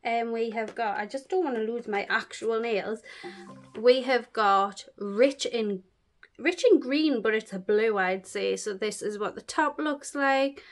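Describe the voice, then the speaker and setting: A woman's voice: on the high side, unhurried, soft background music. A woman beauty vlogger chatting casually through a product unboxing, gushing, with many fillers.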